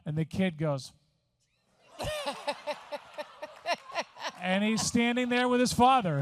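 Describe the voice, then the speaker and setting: A man's voice: on the high side, no room sound. A man in his fifties from Missouri giving a conversational, self-deprecating award acceptance speech at a podium microphone. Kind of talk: after-dinner acceptance speech. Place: resort event room.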